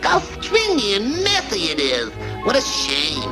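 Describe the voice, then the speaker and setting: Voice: medium pitch, wildly swooping pitch, a little slow, over music, low-quality recording. A performer voicing a fussy, chattering cartoon hairdresser with a gushing, prissy manner. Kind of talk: cartoon voice acting.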